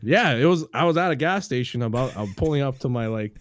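A man spins casual stories on a podcast, slipping into quick put-on voices for the people he quotes and laughing along as he goes. His voice sits in a middle pitch. The sound is dry and close, with no room around it. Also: animated, dry recording. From Canada. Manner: loose storytelling, laughs easily, acts out quoted voices.

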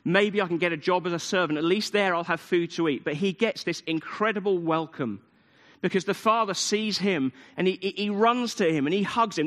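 A man preaching in a fairly high voice, retelling a parable and leaning on repeated phrases for emphasis. His words carry a long reverb, as if spoken in a large hall. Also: fairly bright tone. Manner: storytelling, emphatic repetition. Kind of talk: sermon.

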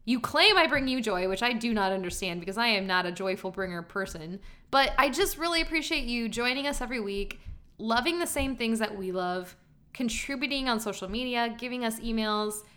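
Bubbly woman podcaster, bright voice, giggly and gushing. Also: on the high side, expressive, brisk. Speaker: podcast co-host. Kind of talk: casual chat.

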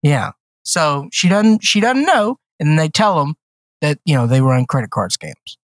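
A man's voice: fairly high pitch, a little slow, dry recording. Male podcast co-host with a wide-ranging delivery and dry, close sound; jokey film recaps. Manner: animated, joking, retells plots with acted-out quotes. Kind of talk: casual movie review chat.

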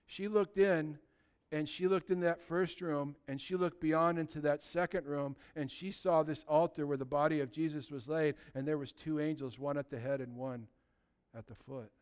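A man preaching a sermon as pastor, animated and conversational, with lots of rhetorical questions, swinging from loud emphasis to hushed tones. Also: on the high side, normal speed, clear, resonant tone.

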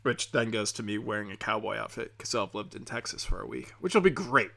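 A man's voice: fairly low pitch, flat delivery, brisk, gravelly, a bit bright. Tipsy young man ranting crudely. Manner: rambling, profane, with frequent fillers. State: tipsy from drinking. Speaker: comedian and podcast host. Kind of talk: crude comedic rant.

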